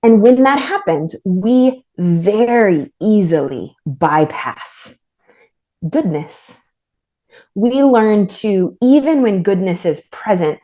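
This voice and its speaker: A woman speaks as a trauma therapist on a podcast, her voice lowish and soft-toned. She talks thoughtfully, pausing and restarting as she works through ideas. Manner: thoughtful, halting, with frequent restarts. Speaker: author and trauma therapist guest. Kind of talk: reflective podcast conversation.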